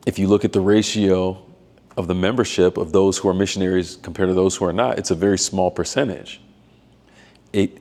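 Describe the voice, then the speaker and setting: Male vlogger, low and warm, measured reflective faith talk with fillers. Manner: thoughtful, measured, with frequent fillers and restarts. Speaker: doctoral student and missionary vlogger.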